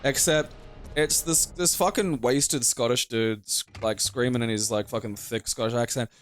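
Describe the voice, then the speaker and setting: A man's voice: medium pitch, normal speed. A young Australian man telling a rambling, profane anecdote in casual chat over a game playthrough, often laughing. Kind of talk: casual let's-play storytelling.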